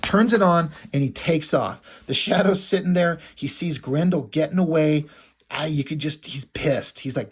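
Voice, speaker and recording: A man's voice: on the high side, normal speed, breathy edge. A man casually recapping a comic book, loose and rambling with many fillers. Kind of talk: casual comic review narration.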